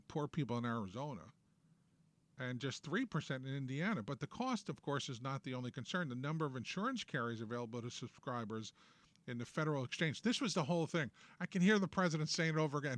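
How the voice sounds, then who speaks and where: A man with a New York accent hosts a political talk show, delivering opinionated rants full of sarcasm and emphasis. His voice is a little high and a bit bright, recorded with no room sound.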